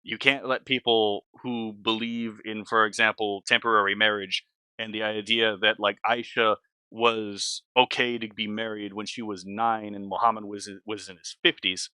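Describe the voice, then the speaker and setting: A man's voice: lowish voice, flat delivery, moderate pace, pushed and bright, smooth, no room sound. A man hosting a reaction video, talking casually in a rambling, blunt, opinionated way with many fillers.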